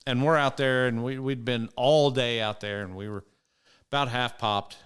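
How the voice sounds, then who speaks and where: A man's voice: mid-range voice, steady tone, moderate pace, a bit bright, clean tone. A man co-hosting a podcast, telling stories in casual chat and laughing through them. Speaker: podcast co-host.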